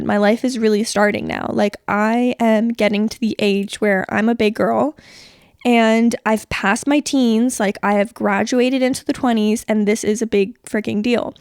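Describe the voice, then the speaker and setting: A woman in her twenties hosting a casual solo podcast, chatty and rambling, her voice a little rough from being sick. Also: fairly high pitch, steady tone, unhurried, a little mellow, dry recording, clean studio sound. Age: 20s. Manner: chatty, rambling, filler-heavy. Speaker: podcast host. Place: bedroom.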